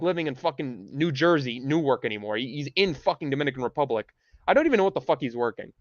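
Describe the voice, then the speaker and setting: A man's voice: a little high, no room sound. A man hosting a rambling livestream monologue in a profane, ranting way, full of restarts. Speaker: livestream host. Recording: dull, dry lo-fi sound.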